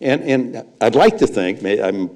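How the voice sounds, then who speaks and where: An older man, a veteran sportscaster, telling anecdotes on stage as a lively raconteur. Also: mid-range voice, a little slow. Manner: lively raconteur, chuckles between punchlines. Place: live event before an audience.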